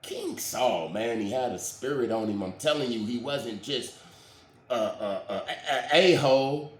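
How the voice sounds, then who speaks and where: A man giving casual spiritual commentary in an animated, slangy way, often tagging "man" onto his lines. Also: medium pitch, a little slow, roomy sound.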